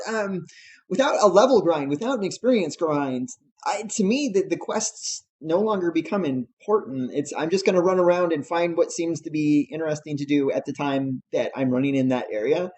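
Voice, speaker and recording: Man, somewhat high voice, hesitant, thinks aloud, casual roundtable chat. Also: moderate pace, darkish tone, a little hiss or hum. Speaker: panelist.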